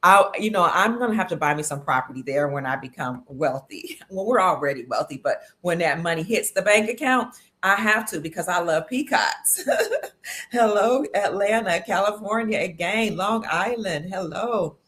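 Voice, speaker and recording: A woman's voice: on the low side, animated, moderate pace, a bit bright. A woman from Cleveland, Ohio, hosting a casual livestream, chatty and upbeat as she greets viewers and reads out their comments. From Cleveland, Ohio, USA. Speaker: livestream host.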